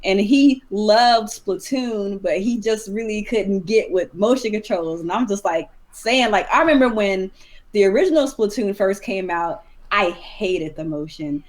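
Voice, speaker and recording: A woman hosting a casual group chat about games, chatty and quick to laugh. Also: medium pitch. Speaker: host.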